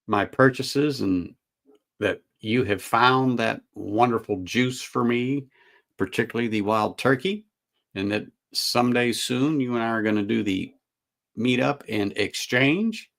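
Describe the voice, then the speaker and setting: On his casual whiskey livestream, a middle-aged host rambles folksily and takes viewers' comments, his mid-range voice fairly bright and marked by vocal fry.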